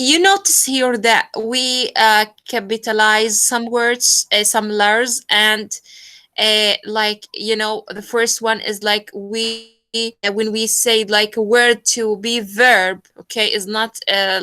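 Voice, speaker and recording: A woman's voice: mid-range voice, fairly even intonation, takes it slowly, sharp tone, rough recording. A woman teacher leads an online pronunciation lesson, hesitant and full of fillers. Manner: hesitant, many fillers, switches into Arabic to explain.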